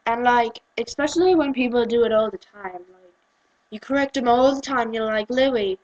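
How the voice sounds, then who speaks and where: A woman's voice: a little high, moderate pace, dull audio. Exasperated woman ranting. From United Kingdom. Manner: exasperated, animated, switches into mocking quoted voices. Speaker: vlogger. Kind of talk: casual ranting vlog.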